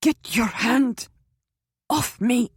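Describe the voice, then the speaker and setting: A woman's voice: a little high, drawn-out words, slightly rough, dry recording, voice pushed up, exaggerated voice. A woman voicing a panicked, boastful middle-aged male captive, frantic and pleading, then blustering.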